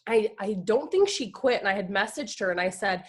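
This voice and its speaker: Brief: woman in her thirties, guest speaker, chatty and emphatic storytelling, medium pitch. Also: expressive, brisk. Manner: chatty and emphatic, heavy use of "like". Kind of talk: personal story told to an online group.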